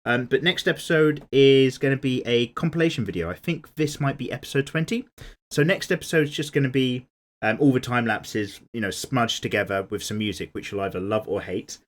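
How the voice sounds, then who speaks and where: A man's voice: mid-range voice, a little fast. A man, chatting casually while drawing and answering viewer comments in a laid-back, playfully indignant way. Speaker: art YouTuber.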